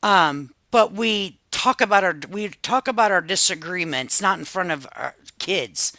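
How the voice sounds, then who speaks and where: Woman, fifties, livestream host; lively, bright, sassy delivery, dry close recording. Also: on the low side, unhurried, no echo. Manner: animated, sassy, laughs often. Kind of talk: casual chat reacting to viewers.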